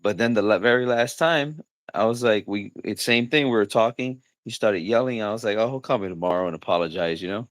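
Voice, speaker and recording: A man's voice: on the low side, fairly quick, hardly any pauses, dry recording. A man hosting a casual livestream chat, joking around, laughing things off and acting out the voices of people he quotes. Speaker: livestream host.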